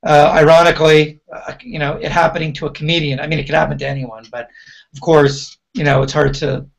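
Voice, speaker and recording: A man's voice: on the high side, level tone, fairly quick, vocal fry. A male DJ hosting a casual interview over a video call, chatty and full of fillers. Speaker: DJ host.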